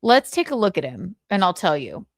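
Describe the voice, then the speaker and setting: A woman's voice: fairly low pitch, huge pitch swings, moderate pace, no echo, studio quality. A young woman hosting a casual livestream, talking candidly, swearing freely and laughing often. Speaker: livestream host.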